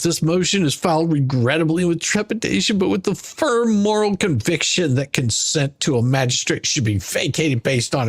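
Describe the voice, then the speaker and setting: A gravelly, husky man streams live commentary on legal filings in a mocking, scoffing tone. He keeps breaking into whiny imitations. His voice sits a bit high for a man, recorded close and dry with no room sound. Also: dry recording.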